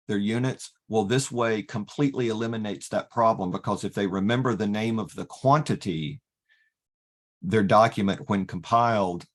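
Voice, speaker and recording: A man leading an online workshop, explaining software step by step and often pausing with "okay" to restart. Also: fairly low pitch. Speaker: workshop facilitator teaching LaTeX. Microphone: video call.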